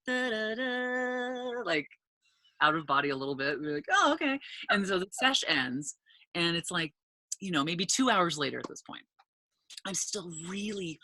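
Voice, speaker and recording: Lively storytelling woman with a bright voice. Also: sits low, dry recording. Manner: animated, acts out quotes in a loud voice, swears casually. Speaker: podcast guest, cannabis entrepreneur. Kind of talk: casual storytelling chat.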